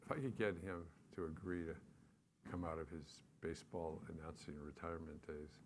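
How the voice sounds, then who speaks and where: Older man with a deep gravelly voice. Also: normal speed, slight background noise. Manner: relaxed anecdotal, many fillers. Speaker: guest, television executive. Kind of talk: storytelling on stage. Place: stage before a live audience.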